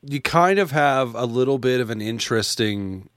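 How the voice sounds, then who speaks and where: Relaxed man asking interview questions. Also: medium pitch, normal speed, dry recording, clean studio sound. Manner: relaxed, hesitant questions with fillers. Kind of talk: casual conversational interview.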